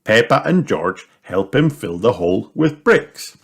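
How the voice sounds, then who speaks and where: A man reading a children's storybook aloud in a slow, lively storytelling manner. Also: on the low side, vocal fry. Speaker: storybook reader. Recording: noisy home recording with clicks.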